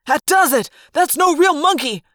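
A frantic, raspy grown man barks orders in a storybook reading, played by a woman. His voice sits high and thin with a strange edge. The room is dry and close. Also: moderate pace, dry recording. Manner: raspy, excitable, yelling orders. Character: frantic worn-out adult man, shrill when excited. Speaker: reader. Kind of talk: storybook read-aloud.

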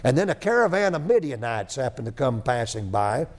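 A man's voice: medium pitch, big pitch swings, a little fast. A man preaching a sermon, telling a story, repeating phrases and asking rhetorical questions.

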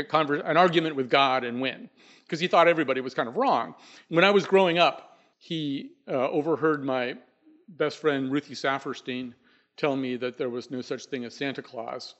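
Wry middle-aged man telling a story. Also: on the high side. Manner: wry, conversational, with asides. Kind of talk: live storytelling. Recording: dull lo-fi recording.

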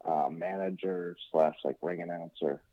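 A middle-aged man telling a story in casual chat, animated and swearing freely. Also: low voice, measured pace. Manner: animated, swearing, acting out quotes. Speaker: podcast guest. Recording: dull lo-fi sound.

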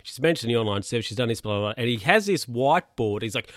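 A man's voice: medium pitch, quick pace, no room sound, studio quality. A man casually retelling a comedy episode, putting on voices for each character and laughing along. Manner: animated storytelling, acts out characters' lines in voices.

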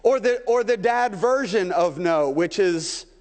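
A man's voice: high-pitched, lively intonation, unhurried, darkish tone, slight background noise. A man pastor preaching a sermon to his church, putting rhetorical questions to the congregation. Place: church sanctuary. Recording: long hall reverb.

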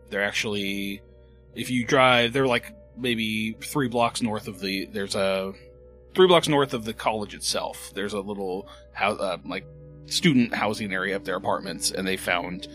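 Game master, male, lowish and bright, loose rambling delivery. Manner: relaxed, rambling, many fillers. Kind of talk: narrating a tabletop horror game.

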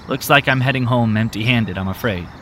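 A man's voice: medium pitch, a little fast, fairly bright tone, a little hiss or hum, lightly acted. A man voicing an anxious woman in an audiobook. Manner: tense and pleading. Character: anxious woman searching for her daughter.

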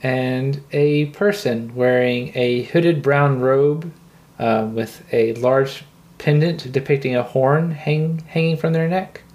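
Man, game master, tabletop game narration, middle pitch, relaxed, halting with fillers.

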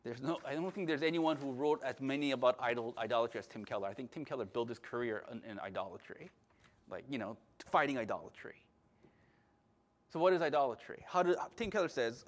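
A man preaching a sermon with passion, at times loud, at times calm. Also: mid-range voice. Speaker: pastor.

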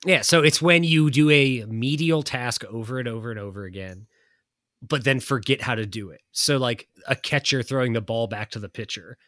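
A man's voice: mid-range voice, normal speed, sharp tone, dry recording. A young man co-hosting a casual podcast chat, explaining things in a dry, matter-of-fact way. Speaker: podcast co-host.

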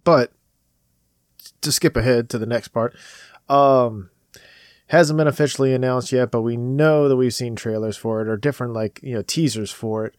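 A chatty man tells stories and shares his excitement in a casual game chat, his voice sitting at an ordinary pitch. It is recorded close and dry. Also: moderate pace, no echo. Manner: eager fan, chatty storyteller. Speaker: podcast co-host. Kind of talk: casual chat about video games.

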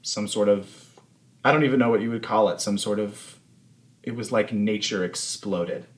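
A man's voice: fairly low pitch, moderate pace, lightly acted. A man voicing a furious, stressed female elf cavalry soldier who curses bluntly, in a tabletop game. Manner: heated, cursing, blunt.

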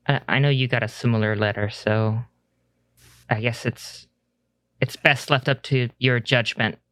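A game master voicing Valerie, a hesitant young adventurer woman who talks in halting starts full of fillers and restarts. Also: mid-range voice, steady tone, fairly bright tone, dry recording, pitched below the performer's own voice, natural voice. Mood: troubled. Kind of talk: tabletop role-play in character.

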